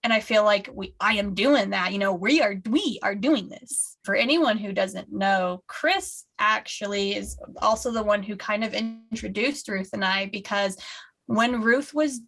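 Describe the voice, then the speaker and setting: A woman co-hosting a casual fan podcast, her voice carrying a gravelly, fry-laced texture. She gushes as she talks, full of likes and little restarts, and sits at an ordinary middle pitch. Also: unhurried, a bit bright. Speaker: co-host.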